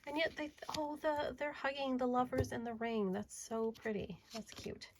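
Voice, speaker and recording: An adult woman showing off her tarot and oracle decks in a casual video, chatty and enthusiastic, sometimes dropping to a soft murmur. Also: high voice, normal speed, noisy background. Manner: chatty and enthusiastic, drifting to soft murmurs while handling cards. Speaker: tarot reader and deck reviewer. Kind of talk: casual show-and-tell video.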